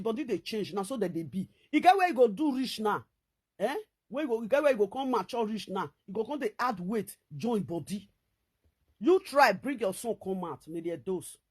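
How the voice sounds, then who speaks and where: Nigerian pidgin lady vlogging, middle-aged, scolding and repeating herself, lively rant, normal pitch. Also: slightly rough. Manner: scolding, repetitive, animated. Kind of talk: ranting commentary to camera.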